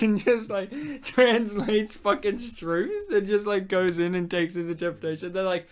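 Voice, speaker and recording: A woman co-hosting a relaxed film commentary, talking loosely and laughing often. She swears freely and drops into playful voices for her jokes. Her voice sits at an ordinary middle pitch. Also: a little slow. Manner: giggly, swears a lot, does silly voices. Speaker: podcast co-host. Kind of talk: casual film commentary chat.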